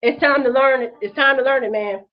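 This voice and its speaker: Woman venting on her vlog, cussing a lot, fighting back tears, kinda high voice, muffled lo-fi sound. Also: fairly quick. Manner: profane, repetitive, impassioned street-talk rant. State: emotional, holding back tears. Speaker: vlog host. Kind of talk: emotional vlog rant.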